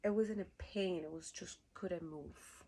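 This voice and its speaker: A woman's voice: lowish voice, a little slow, dark tone, breathy edge, poor audio. A woman from Rica, telling a rambling story casually, laughing often and swearing freely. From Costa Rica. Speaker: cruise ship worker.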